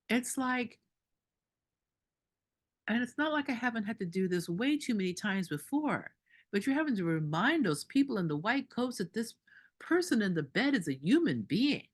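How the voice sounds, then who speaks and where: A woman doula telling a story at a group meeting, animated and indignant, laughing between lines. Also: on the high side.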